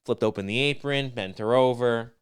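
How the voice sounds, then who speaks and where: Male podcast co-host, crisp resonant voice, sarcastic and crude, teasing. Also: mid-range voice, normal speed. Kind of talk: casual chat.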